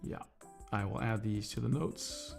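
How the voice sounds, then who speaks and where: A man's voice: fairly low pitch, fairly even intonation, measured pace, creaky, faint music behind. A man hosting a casual livestream, chatting with viewers in a rambling way full of fillers and restarts. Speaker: livestream host reviewing drawing tablets.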